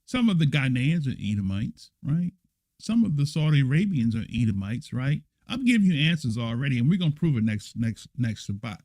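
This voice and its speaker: A man's voice: mid-range voice, sing-song, fairly quick, darkish tone, dry recording. A man, a church elder, giving a livestreamed scripture lesson and answering viewer comments in a blunt, emphatic way, repeating points and checking in with "right?".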